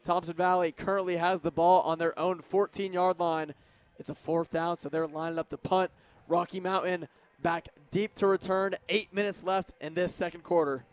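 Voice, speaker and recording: Young male radio play-by-play caller, brisk and detailed, smooth voice. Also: high voice, steady tone. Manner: brisk play-by-play, calling formations and yardage. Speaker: play-by-play announcer. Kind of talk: radio sports commentary.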